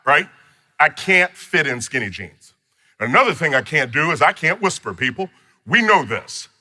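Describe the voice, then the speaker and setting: A man with a bright, forceful voice teaching personal finance. He talks emphatically and tells stories with playful asides, sitting a little higher in pitch than most men. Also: big pitch swings, normal speed. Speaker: financial course instructor. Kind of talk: motivational teaching talk.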